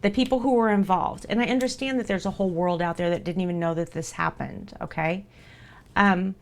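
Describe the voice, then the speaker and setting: A woman's voice: medium pitch, normal speed. A woman streamer talking live to her viewers in an earnest, reassuring way, repeating herself for emphasis.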